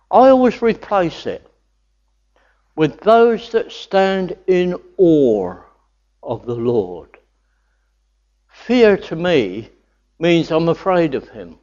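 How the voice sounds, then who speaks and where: An older man delivers a sermon at an unhurried, deliberate pace, his voice sitting a little high. He moves between earnest reflection and rising, joyful exclamations of wonder. The recording sounds dull and lo-fi. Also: darkish tone. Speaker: preacher.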